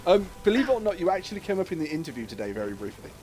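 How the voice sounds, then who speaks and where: Animated, swearing English man. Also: high-pitched, racing, soft background music. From England. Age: middle-aged. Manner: animated storyteller, swears freely, mimics voices. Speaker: streamer. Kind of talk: casual chat on a livestream.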